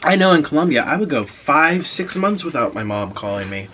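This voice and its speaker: A young man tells a story casually to the camera between bites of food. His pitch swings widely as he talks, rising and falling with the tale. A faint hum of noise sits behind his voice. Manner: animated storyteller, pauses to eat and savour food. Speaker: mukbang vlogger. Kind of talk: casual storytelling while eating.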